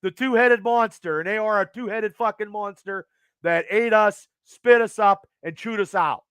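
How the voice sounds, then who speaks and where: Male host at home, high sharp voice, cursing fast in angry outbursts, dry close sound. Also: clean tone, no echo. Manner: profane, agitated, fast rants. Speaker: podcast host. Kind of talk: angry sports rant to live chat.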